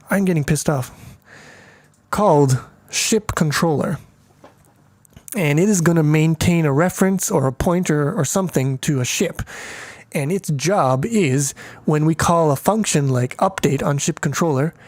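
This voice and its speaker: A man's voice: on the high side, a little slow, darkish tone, no echo. A man giving a casual programming walkthrough, thinking aloud with many fillers, swearing and making crude jokes as he goes. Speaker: programming tutor. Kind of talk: casual screencast code walkthrough.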